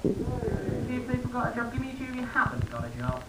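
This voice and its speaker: Lively teenage stand-up comic. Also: male voice, very high voice, fairly quick, far from the mic. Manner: rambling, chatty, crowd-baiting, many fillers. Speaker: stand-up comedian. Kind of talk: stand-up comedy. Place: comedy club stage. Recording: echoey room, heard from afar, noisy.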